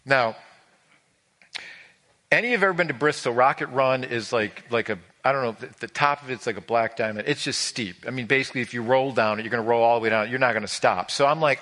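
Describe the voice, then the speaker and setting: A man preaching a sermon, telling stories animatedly and acting out quotes. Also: fast. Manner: animated storytelling, acts out quotes with rising pitch. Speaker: pastor.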